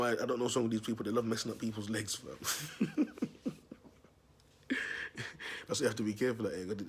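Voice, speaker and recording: A young man telling a story in a casual vlog, animated and slangy, laughing often. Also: fairly low pitch, slightly rough. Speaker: self-styled prophet vlogger.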